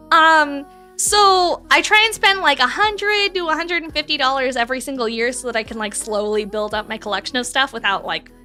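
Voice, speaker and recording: A woman streamer chats casually with her viewers from home. Her voice is high and bright, and she giggles and swears freely. Faint music plays behind her. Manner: chatty, giggly and casually profane. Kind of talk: casual chat with live chat.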